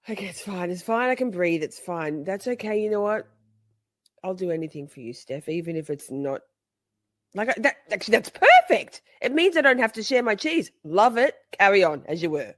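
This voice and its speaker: Woman chatting on her livestream, super animated, dry close sound, lots of laughing and fake outrage. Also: mid-range voice, a little fast, dry recording. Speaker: livestream host. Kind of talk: casual livestream chat.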